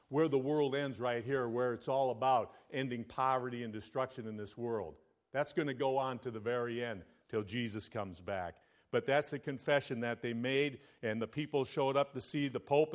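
A male pastor preaching a sermon, telling a story and often asking the congregation for an "Amen?". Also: mid-range voice.

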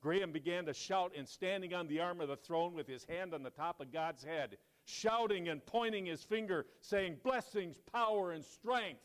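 A man's voice: normal speed, hardly any pauses. Man telling a sermon story. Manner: animated, voice rising for quoted lines and dropping low for reflection. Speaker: preacher. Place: church.

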